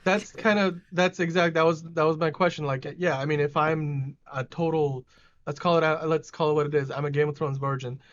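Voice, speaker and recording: Inquisitive male podcast co-host, higher voice, slightly muffled audio. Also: steady tone, fairly quick. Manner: chatty, asks questions, self-interrupting. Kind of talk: casual podcast chat.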